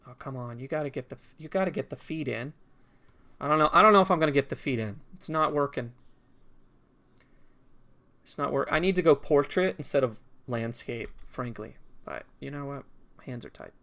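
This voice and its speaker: A man's voice: mid-range voice, moderate pace, fairly bright tone. A man streaming a video game in casual commentary, rambling and talking to himself as he goes. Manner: rambling, talks to himself while drawing.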